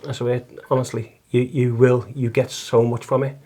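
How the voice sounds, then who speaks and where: A middle-aged man from Liverpool, England, with a matching accent, speaks at medium pitch in a flat, moderately paced voice with a dark tone. He's a taxi driver and volunteer listener appearing as a guest in a casual testimony interview, earnestly recounting his faith story while often stumbling and repeating words.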